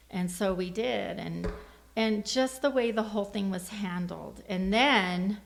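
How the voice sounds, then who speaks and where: A middle-aged woman giving a personal church testimony, a lively storyteller who acts out the dialogue in her story. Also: lowish voice, creaky.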